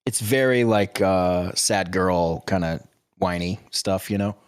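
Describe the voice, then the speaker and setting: A man's voice: sits low, slow pace, clean tone, no echo, studio quality. A man co-hosting a casual music podcast from home, making wry joking remarks. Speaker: podcast co-host. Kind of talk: casual chat. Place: home room by a window.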